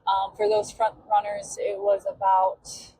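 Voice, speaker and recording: Woman, podcast host, casual storytelling, filler-heavy chatty delivery, steady background noise. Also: mid-range voice, a little slow, vocal fry. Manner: chatty, loose recounting with many "um" fillers.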